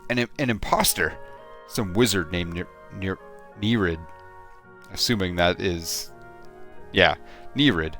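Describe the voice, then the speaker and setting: A man's voice: sits low, measured pace, pauses often, fairly bright tone, soft background music. A man voicing a terrified, beaten man who frantically pleads for help while reading a game aloud. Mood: frantic.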